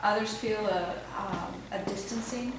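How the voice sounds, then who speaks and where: A woman pastor asking careful, soft-spoken interview questions. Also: medium pitch, a little slow. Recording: very echoey room with faint noise.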